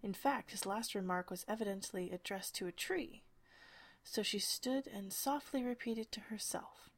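A woman narrating a storybook in a soft, hushed whispered storytelling style. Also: medium pitch, moderate pace.

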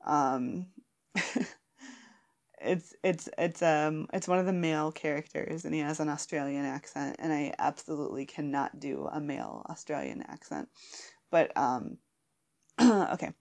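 Female guest, low gravelly voice, giggly and rambling answers. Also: animated, unhurried, a little mellow. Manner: giggly, rambling, many fillers and restarts. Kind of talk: casual chat.

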